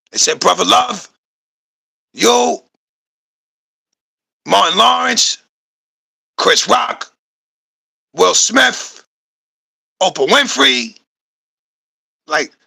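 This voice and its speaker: A man's voice: high voice, animated, drawn-out words, creaky, long pauses, sharp tone, husky. A man hosting a podcast, reacting to clips with profane, repetitive, rhetorical commentary. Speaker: podcast host reacting to videos.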